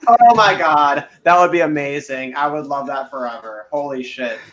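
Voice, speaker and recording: A man's voice: fairly high pitch, moderate pace, heavy background noise. A man in casual podcast chat, eagerly agreeing and swearing with glee. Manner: profane, gleeful, eager agreement.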